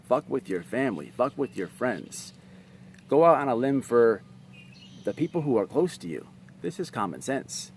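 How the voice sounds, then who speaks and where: A man's voice: medium pitch, a little hiss or hum. A man vlogging to camera, telling stories from his own life in a blunt, streetwise, profane way. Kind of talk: casual storytelling to camera.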